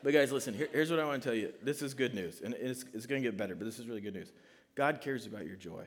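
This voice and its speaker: A man's voice: mid-range voice, quick pace. A middle-aged man preaching in a casual, conversational way, reading scripture and telling family stories. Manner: conversational, animated storytelling with frequent "like". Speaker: pastor. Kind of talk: sermon.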